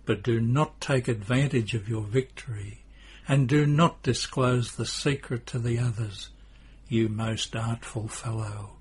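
Calm, mock-stern teacher figure read by a man in a storybook, husky and slow. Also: mid-range voice. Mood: calm, teasing. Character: calm, gently teasing male teacher.

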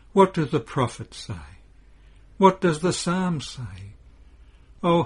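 A man's voice: medium pitch, husky. A man voicing a grieving mother, anguished. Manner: pleading, anguished exclamations. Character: grieving mother pleading beside her dead son.

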